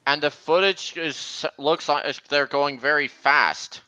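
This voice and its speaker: Bright, slow-talking man hosting a stream. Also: fairly high pitch, slight background noise, low-quality recording. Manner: chatty, points out details to viewers. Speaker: stream host. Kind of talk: casual commentary over video clips.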